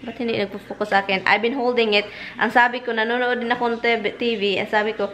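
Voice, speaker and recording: A woman's voice: on the high side, fairly even intonation, fast, hardly any pauses, a bit bright. A woman from the Philippines with a Filipino accent, chatting casually to the camera in a vlog, switching languages and laughing as she tells stories from home. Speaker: vlogger. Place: at home, then in a car.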